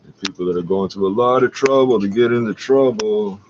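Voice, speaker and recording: A man's voice: lowish voice, a little fast, a little mellow, a little hiss or hum. A man talking to the camera from his computer in a profane, confrontational rant, taunting and swearing at someone. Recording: dull lo-fi home recording.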